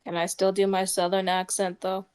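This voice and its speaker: Southern American woman, mid-pitched, teasing co-host banter. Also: completely flat delivery, normal speed, a little mellow. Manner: playful, teasing. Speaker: stream co-host. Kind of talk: casual stream chat.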